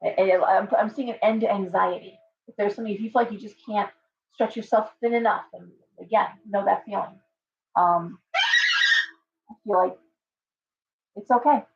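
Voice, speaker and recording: A middle-aged woman chats her way through a tarot reading, talking loosely with fillers and restarts. Her voice is dulled and a little distant from the microphone, at an ordinary middle pitch. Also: steady tone, normal speed, vocal fry, long pauses, slight background noise. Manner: chatty, rambling, frequent fillers and restarts. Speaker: tarot reader. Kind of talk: casual live stream tarot reading. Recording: muffled audio from away from the mic.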